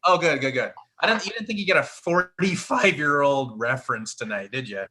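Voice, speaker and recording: Male comedian guest, lively animated delivery, crude self-mocking jokes. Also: a little high, brisk, a crowd in the background. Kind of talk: stand-up bits on a live show.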